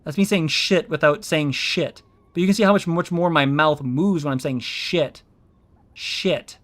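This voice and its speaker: Rambling man streaming, fairly high voice. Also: moderate pace, a bit bright. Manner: rambling, explains with many fillers. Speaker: VTuber streamer. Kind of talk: casual stream chatter. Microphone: own streaming mic.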